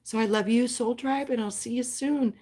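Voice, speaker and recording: A woman's voice: fairly high pitch, steady tone, normal speed, mellow. A woman hosting a livestream, talking to her viewers in a heartfelt, spiritual way. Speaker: livestream host. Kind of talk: casual livestream chat with viewers.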